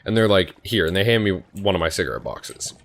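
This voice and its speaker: Low-voiced guy in his 20s rambling thru a story while gaming, lots of ums and likes. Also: expressive, a little fast, a bit bright. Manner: rambling, chatty, lots of fillers. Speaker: gaming YouTuber. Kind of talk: casual storytelling while playing a game.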